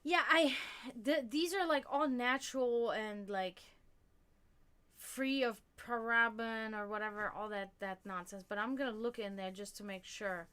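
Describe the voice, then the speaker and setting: A woman with a somewhat high, bright, tense voice hosting a casual livestream. She talks straight to her viewers in loose, rambling stretches full of fillers and restarts. Now and then she drops a casual swear word. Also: unhurried, clean tone. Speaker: livestream host. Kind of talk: casual chat with stream viewers.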